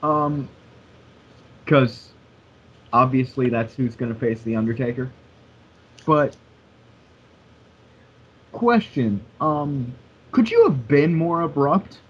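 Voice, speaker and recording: A man rambles sarcastically through casual podcast chat in a husky voice. The sound is dull and lo-fi. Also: mid-range voice, expressive, slow, pauses often. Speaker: podcast co-host.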